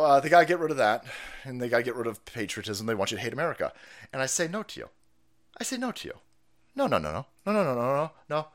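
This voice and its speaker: Profane ranting man, lively voice. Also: lowish voice. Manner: profane, combative, sarcastic. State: hungover. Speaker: streamer host. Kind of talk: ranting political commentary stream.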